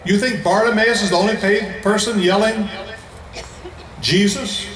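An American man delivers an emphatic evangelistic sermon and slows down on the phrases he wants to stress. His voice sits fairly high for a man. The sound is echoey, as if picked up from a distance in a big hall. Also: fairly even intonation, a bit bright. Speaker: evangelist preacher. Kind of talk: evangelistic sermon to a large crowd. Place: large indoor event venue.

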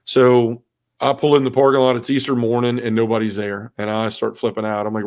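A middle-aged man tells a deeply personal story as a podcast guest. His delivery is heartfelt and conversational, dotted with "you know" asides. His pitch stays fairly even and level throughout. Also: brisk.

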